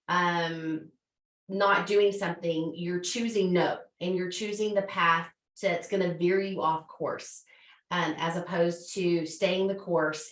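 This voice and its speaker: Woman hosting a business call, earnest and emotional, lower voice, roomy sound from a distance. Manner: earnest and emotional, many fillers and restarts. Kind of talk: motivational talk on a video call.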